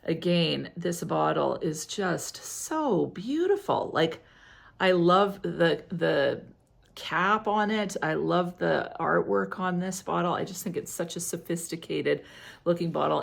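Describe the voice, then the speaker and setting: Brief: middle-aged woman, relaxed review chatter, slightly low, gravelly fry, giggly and effusive. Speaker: fragrance reviewer. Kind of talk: casual product review.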